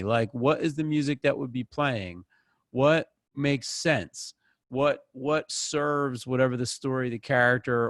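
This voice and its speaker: A man teaching an online acting class in a casual, animated way, breaking into voices when he quotes people, speaking close into a microphone. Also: medium pitch, no echo.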